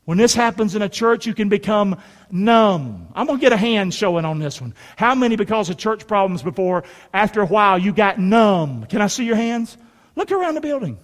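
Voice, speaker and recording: A middle-aged male pastor preaching a sermon in a church, folksy and emphatic, pulling the congregation into call and response. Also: sits high. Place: church sanctuary. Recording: long hall reverb.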